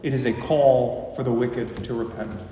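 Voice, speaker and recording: A man preaches a sermon in a church sanctuary, heard from a distance in a long, echoing hall. He is impassioned, slowing his words for emphasis and swelling in volume. Faint room ambience sits under his voice. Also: mid-range voice, steady tone, noisy background. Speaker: pastor. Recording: echoey hall from far off.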